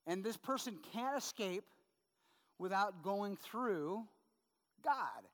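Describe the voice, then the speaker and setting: A middle-aged pastor with a high-pitched, slightly bright voice preaches expressively and slowly. The sermon is conversational, sprinkled with "right?" and funny personal anecdotes, and it rings with long hall reverb.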